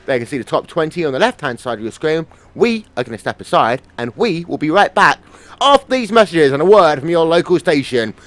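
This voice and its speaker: High-voiced joking male race commentator. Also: big pitch swings, brisk, a bit bright, no echo. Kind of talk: sim racing commentary.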